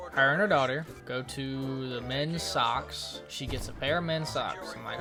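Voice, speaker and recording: A young man telling a storytime vlog about his retail job, animated, exasperated and incredulous. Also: medium pitch, unhurried, few pauses. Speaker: store associate telling a work story. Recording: clear music behind the voice.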